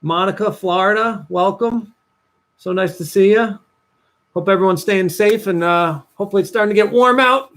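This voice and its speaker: A young man, a dating coach talking to viewers on a livestream, telling a personal story with lively voiced-out asides. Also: moderate pace. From New Jersey, USA. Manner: animated storytelling, acts out his past self in a higher voice.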